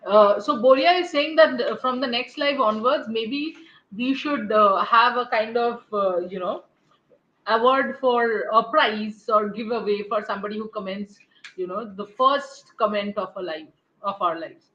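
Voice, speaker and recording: Female panelist, bright edgy voice, hesitant fillers, echoey muffled call audio. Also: on the high side, unhurried. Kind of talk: live sports discussion. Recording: roomy, dull call audio.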